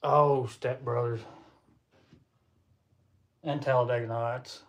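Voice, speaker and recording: A man with a medium-pitched, gravelly voice hosts a casual livestream, speaking slowly with fairly even intonation. He rambles and chats with viewers as he reads their comments, laughing often.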